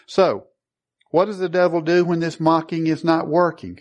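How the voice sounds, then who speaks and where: A man's voice: a little high, animated, measured pace, a little mellow. A man preaching a sermon, asking the congregation questions and acting out quoted voices.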